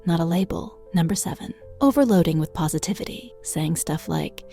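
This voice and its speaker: A woman's voice: lowish voice, lively intonation, fairly quick, dark tone, soft background music. A woman narrating a scripted self-help video in a friendly, conversational advice-giving way.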